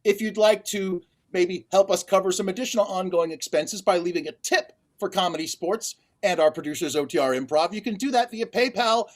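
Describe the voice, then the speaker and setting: Chatty man refereeing an improv match. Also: high voice. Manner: chatty, quick to rule on jokes. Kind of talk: casual show hosting.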